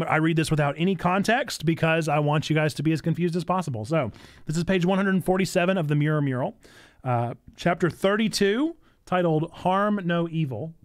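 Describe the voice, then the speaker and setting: Jokey streamer man, slightly high voice. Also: clean tone. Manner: jokey, rambling. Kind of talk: casual stream chat. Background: faint piano music.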